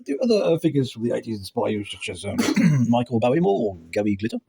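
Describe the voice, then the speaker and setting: A man interviewing in a deadpan mock interview. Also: mid-range voice, quick pace, gravelly, breathy edge.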